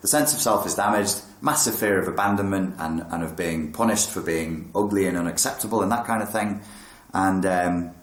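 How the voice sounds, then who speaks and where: A man's voice: low voice, a little fast, roomy sound. A man talking casually and frankly about meditation, with some swearing. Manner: frank, swears, acts out thoughts in quotes. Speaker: meditation and mental health talker. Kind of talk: casual spoken talk on meditation.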